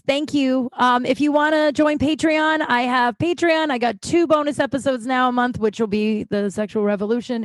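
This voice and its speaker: A woman's voice: on the high side, no room sound. A woman hosting her own podcast in casual solo chat, rambling and self-deprecating, swearing freely with lots of ums and restarts. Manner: frequent filler words and restarts. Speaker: podcast host.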